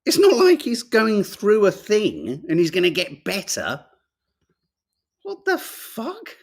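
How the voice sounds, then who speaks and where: A man's voice: high-pitched, a little slow, gravelly. A man co-hosting a podcast, reading out headlines and reacting with laughter and swearing. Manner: animated, swearing, laughing, mock voices. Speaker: podcast co-host reading newspapers. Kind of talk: casual chat.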